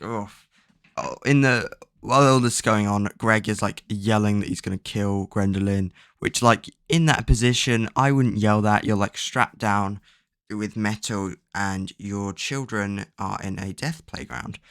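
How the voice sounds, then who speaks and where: A man's voice: on the low side, unhurried, fairly bright tone, smooth, no echo, studio quality. A man casually recapping a book's plot, rambling with lots of fillers and offhand swearing. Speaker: book recap vlogger.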